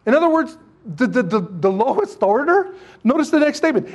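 High-voiced man preaching a lively sermon. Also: fairly quick. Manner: animated, joking, asks rhetorical questions. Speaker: pastor. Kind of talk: sermon teaching to a congregation.

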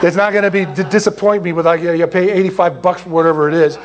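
A man preaching a sermon in an animated, jokey way, with acted asides. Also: high voice, fast talker. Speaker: pastor.

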